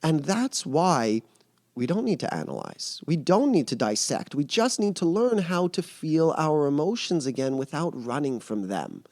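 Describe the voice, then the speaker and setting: Guy coaching on emotions, kinda high voice, earnest, lots of metaphors, dry sound. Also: wildly swooping pitch, moderate pace, darkish tone, dry recording. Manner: earnest, explains with vivid metaphors. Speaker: emotional mastery mentor. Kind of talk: podcast interview.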